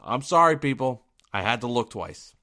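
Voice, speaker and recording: A man's voice: mid-range voice, expressive, moderate pace. Give me a casual male podcaster with a mid-range voice, chatty and self-deprecating. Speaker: podcast host. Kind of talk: casual storytelling.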